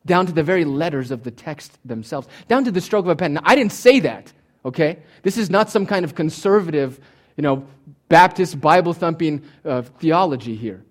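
Emphatic preaching man, slightly high voice. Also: animated, normal speed. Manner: emphatic preaching with big swings in loudness; teaching with Greek word study and humor. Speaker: pastor. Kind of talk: sermon.

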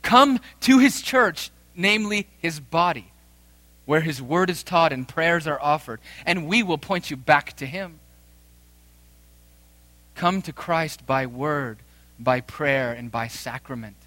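A man in his thirties preaching a sermon as pastor, emphatic with dramatic pauses and rising swells. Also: a little high, sharp tone, no room sound.

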